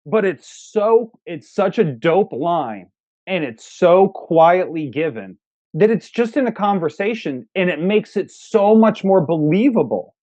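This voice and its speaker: A man's voice: high-pitched, sing-song, measured pace, darkish tone, dull audio. A man co-hosting a movie review, emphatic and enthusiastic as he praises favorite lines. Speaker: co-host of a movie review show. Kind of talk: casual review chat.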